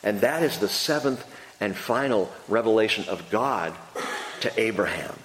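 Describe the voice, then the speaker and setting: A man preaching a sermon, telling the story with animated delivery and acting out voices. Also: lowish voice, normal speed. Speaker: pastor. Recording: echoey hall reverb.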